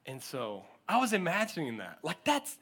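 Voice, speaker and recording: A male pastor preaching a sermon, telling stories with lively acted-out quotes and frequent laughter. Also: on the high side, normal speed, husky. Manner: animated storytelling, acts out quotes, often laughs.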